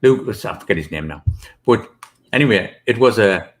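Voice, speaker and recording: A man's voice: fairly low pitch, expressive, moderate pace. A British man, an author and guest, telling rambling stories with many ums and restarts. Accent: British English. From Britain. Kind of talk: casual interview storytelling.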